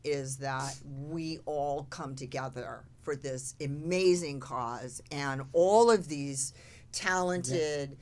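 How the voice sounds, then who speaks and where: Low-voiced woman hosting a podcast. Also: slow, a little mellow. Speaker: podcast host. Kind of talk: casual chat.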